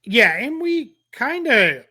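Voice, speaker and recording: Bright-voiced man chatting about basketball. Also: extremely high pitch, takes it slowly. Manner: animated, acts out quotes. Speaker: co-host. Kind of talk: casual sports talk.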